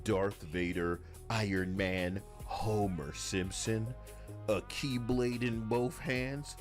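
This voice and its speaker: A man's voice: on the low side, takes it slowly, faint music behind. A man hosting opinionated gaming commentary, sarcastic and rambling, with a mocking edge. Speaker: host.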